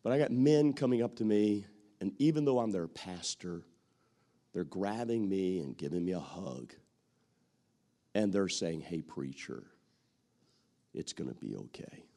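A middle-aged man, a pastor, preaching a sermon with strong feeling, jumping from loud calls to soft, quiet words and acting out what others say. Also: on the low side, animated, measured pace, pauses often. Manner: emotive preaching with acted-out quotes, swings from loud to soft.

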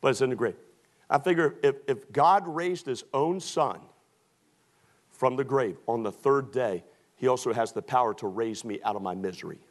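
A male preacher delivers an emphatic sermon at normal speed, full of rhetorical questions. He swings from loud shouts to low, quiet asides.

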